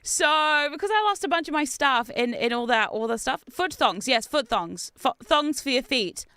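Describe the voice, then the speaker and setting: Excitable aussie lady streaming a game, kinda high voice, chatting away, super dry close sound. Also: normal speed, dry recording. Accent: Australian. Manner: excitable, chatty, laughs often. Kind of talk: casual gameplay chat with viewers.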